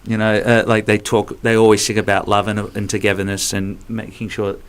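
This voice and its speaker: A man's voice: lowish voice, completely flat delivery, fairly quick, clean tone. A man guesting on a radio show as a tribute singer, thoughtful and hesitant with fillers. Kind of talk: interview guest. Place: radio studio.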